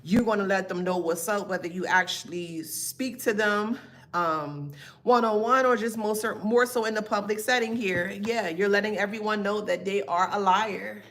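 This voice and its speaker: A woman's voice: mid-range voice, moderate pace, fairly bright tone, slight background noise. A woman doing a live tarot reading who talks to her chat in a sassy, emphatic way and laughs often. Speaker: tarot reader.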